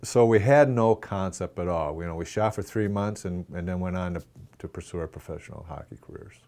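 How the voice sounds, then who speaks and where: A man in his sixties from Minnesota with a very low, deep voice spins loose, self-mocking stories in an interview. He tells them casually and acts out bits of dialogue. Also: a little fast, a little mellow. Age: 60s. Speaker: former hockey player and actor, guest. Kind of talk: casual anecdotal storytelling.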